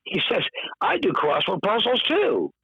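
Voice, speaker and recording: A man telling a story in casual podcast chat, lively and acting out the voices of the people he quotes. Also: sits high, measured pace, creaky, husky, no room sound. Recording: dull, dry podcast audio.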